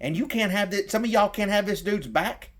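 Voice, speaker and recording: A middle-aged man with a Southern drawl and a very high voice rants about his team. He talks heated and profane, circling back on the same points. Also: a little fast, a bit bright. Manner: heated, profane, repetitive rant. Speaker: sports fan content creator. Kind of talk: fired-up sports rant.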